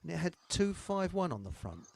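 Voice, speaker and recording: A man's voice: fairly high pitch, sing-song, fairly quick, creaky, a little mellow, a little hiss or hum. A middle-aged man, hosting a live online show in a rambling, jokey chat and laughing at his own jokes. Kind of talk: casual chat.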